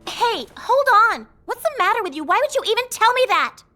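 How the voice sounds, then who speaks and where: A woman voicing a proud, sharp-tongued girl mage. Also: sits high, close to an everyday voice. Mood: exasperated. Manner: lecturing, quick to flare up. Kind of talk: anime English dub. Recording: studio dub with music behind.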